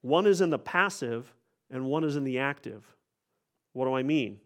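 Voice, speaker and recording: A man's voice: medium pitch, normal speed, fairly bright tone. Earnest man preaching a sermon. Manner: earnest, with frequent restarts and repeated words.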